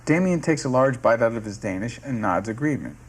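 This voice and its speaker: A man narrating the stage directions of a sitcom script in a steady, descriptive reading. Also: mid-range voice, brisk, slightly rough. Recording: music playing underneath.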